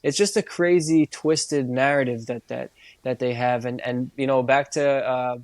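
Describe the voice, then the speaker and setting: A man's voice: medium pitch, a little slow, dry recording. Young man, from the United States, interview guest, casual storytelling, dry sound. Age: young adult. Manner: animated anecdotes, many fillers and restarts.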